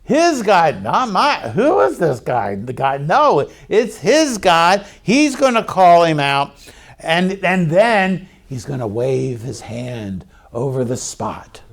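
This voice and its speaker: Male pastor, sermon, unhurried delivery, fairly high voice, questions to the congregation, candid and confessional. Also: sing-song, creaky. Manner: slow, conversational preaching with questions to the congregation.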